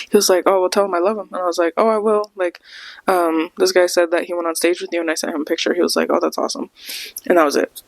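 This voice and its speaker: Animated young woman telling a story. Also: lowish voice, no room sound. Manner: animated, laughs often, acts out quotes. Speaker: podcast host. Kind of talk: casual storytime chat.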